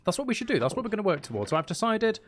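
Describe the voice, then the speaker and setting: A man's voice: high-pitched, very animated, rapid-fire, slight background noise. Playful, rambling male streamer. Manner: playful, self-mocking, jokey; chats to viewers in a loose, rambling way. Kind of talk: casual chat while live-streaming a video game.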